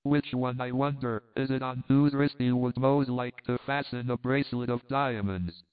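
A man's voice: medium pitch, steady tone, normal speed, clean tone, natural voice. A man voicing a coquettish countess who teases in broken English. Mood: teasing. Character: flirtatious Italian countess, woman, coquettish. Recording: phone-like thin sound.

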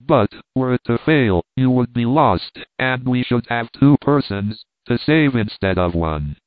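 A man voicing a calm, authoritative doctor who leads an expedition and reasons deliberately. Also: mid-range voice, dry recording, close to an everyday voice. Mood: measured. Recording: tinny phone-like dry sound.

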